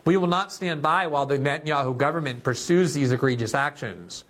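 A man's voice: fairly high pitch, a little fast, a bit bright. A man hosting political commentary, reading news quotes aloud and adding indignant, sarcastic remarks. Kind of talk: opinionated commentary on news clips.

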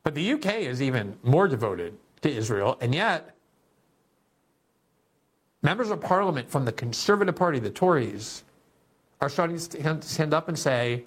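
A man's voice: fairly high pitch, big pitch swings, moderate pace, long pauses. A male political commentator who talks through news clips and quotes in an opinionated way. He reads statements aloud, then cuts in with sarcastic, indignant asides.

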